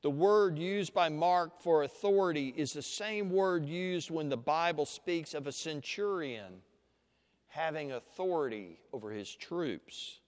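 A man preaching a sermon, teaching slowly and deliberately with dramatic pauses and leading listeners through an imagined scene. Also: on the high side, expressive. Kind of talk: sermon with guided imagination exercise. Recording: long hall reverb.

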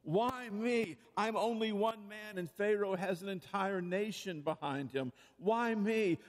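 A man's voice: high voice, a little slow, big-room sound, pitched above the performer's own voice. A pastor acting out an anxious older shepherd who keeps pleading and questioning why he was chosen.

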